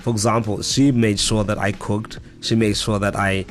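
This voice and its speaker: A middle-aged man speaks at a low pitch, a guest in a relaxed interview. He talks in a reflective, storytelling way, often restarting his sentences. Faint music plays behind him. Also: moderate pace. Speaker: author and guest. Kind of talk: casual interview chat.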